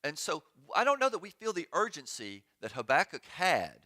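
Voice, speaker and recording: Bright-voiced male pastor with sarcastic asides. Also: on the high side, wildly swooping pitch, normal speed. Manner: conversational, joking, sarcastic asides. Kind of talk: sermon. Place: church sanctuary.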